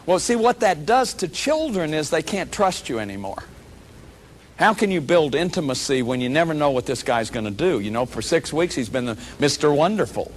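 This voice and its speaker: A man's voice: a little high, a little hiss or hum. A man giving a workshop lecture to an audience, talking animatedly, acting out quoted voices and often restarting his sentences. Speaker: lecturer on shame and addiction.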